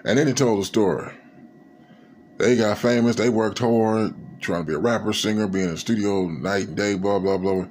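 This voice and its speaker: A man's voice: fairly low pitch, moderate pace, darkish tone, slight background noise. A man talking to camera in a casual reflective monologue, rambling and profane, with many fillers. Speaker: vlogger.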